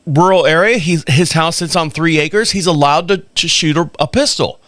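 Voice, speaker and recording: A man's voice: fairly high pitch, normal speed, no room sound. A man hosting a podcast live stream, telling stories in a casual way, chuckling and acting out the dialogue. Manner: animated, chuckles, acts out dialogue. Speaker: podcast host.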